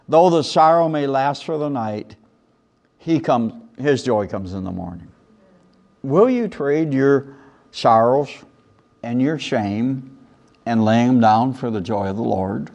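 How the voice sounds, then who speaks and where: A male pastor preaching a sermon with lively emphasis, reciting and chanting scripture lines. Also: medium pitch, slow pace, creaky.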